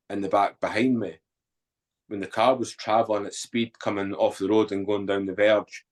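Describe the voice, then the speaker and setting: Low-voiced man, blunt storyteller. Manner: blunt, swears freely, animated retelling. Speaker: podcast guest. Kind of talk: candid storytelling.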